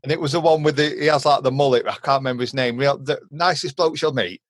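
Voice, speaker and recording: A man's voice: medium pitch, steady tone, quick pace, no room sound. Chatty man hosting a podcast. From England. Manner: chatty, laughs often, repeats words when starting. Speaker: podcast host. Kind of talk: casual chat.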